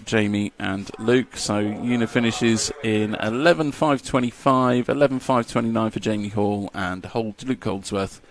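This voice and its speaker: A man's voice: fairly low pitch, moderate pace, few pauses, slight background noise. A man commentating a live model car race, chatty and jokey, reading out lap times.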